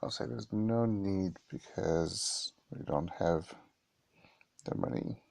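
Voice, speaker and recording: A man hosting a mobile gaming channel, giving relaxed gameplay commentary and reading game text aloud with hesitant restarts. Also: sits low, slow pace, gravelly, dry recording.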